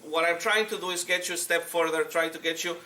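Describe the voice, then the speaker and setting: Seminar instructor, man, very bright tone, recorded off-mic in a roomy space. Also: on the high side, steady tone, fast talker, far from the mic. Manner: direct, repeats words, acts out phone calls. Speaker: real estate and mortgage instructor. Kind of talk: seminar teaching.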